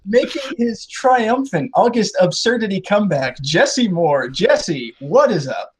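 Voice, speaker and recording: A man's voice: high voice, big pitch swings, a little slow. A man hosting a casual game show podcast, joking with a playful, mock-grand showman manner.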